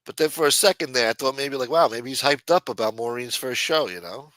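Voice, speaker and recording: With a brisk, slightly bright mid-range voice and no room sound, a man livestreams to his chat. His talk is casual and full of swearing, and he acts out quotes while recounting stories.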